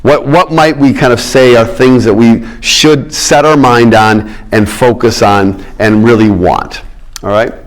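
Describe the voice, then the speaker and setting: A man's voice: medium pitch, fairly even intonation, measured pace. A middle-aged man giving a public lecture on politics, emphatic, repeating his key words and checking in with the audience.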